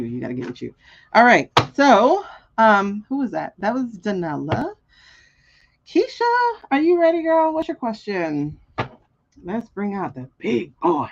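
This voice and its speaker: A woman hosting a live tarot reading stream, chatting casually with viewers, animated and laughing often. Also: on the low side, creaky, lo-fi sound. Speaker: tarot reader and stream host.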